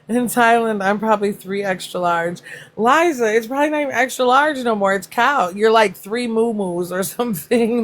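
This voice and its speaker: A woman's voice: a little high, normal speed. A woman hosting a casual livestream, chatting and reacting to comments, laughing often and swearing freely. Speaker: livestream host.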